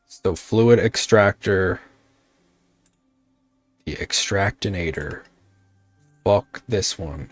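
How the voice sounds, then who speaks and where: A man's voice: deep voice, very slow, long pauses, breathy edge, soft background music. A man streaming a modded game, grumbling at it and talking back to his chat, swearing now and then. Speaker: VTuber streamer. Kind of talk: casual gaming livestream chat.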